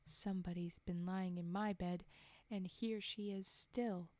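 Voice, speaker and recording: A woman voicing a tiny, shrill young boy bear cub in a whispered role-play for a storybook reading. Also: fairly even intonation, unhurried, dry recording, lightly acted. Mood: indignant. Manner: whispered, with a sharp, shrill edge.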